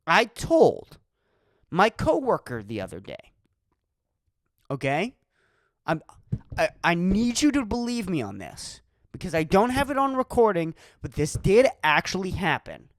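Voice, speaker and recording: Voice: mid-range voice, wildly swooping pitch, measured pace, pauses often, no echo. Profane ranting podcast host from Massachusetts. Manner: profane, emphatic, repetitive ranting. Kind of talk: solo podcast rant.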